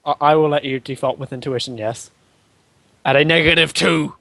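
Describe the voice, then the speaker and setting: A man's voice: fairly high pitch, moderate pace, vocal fry, fairly bright tone, no echo. A man running a tabletop game as game master, rambling and hesitant with frequent laughs.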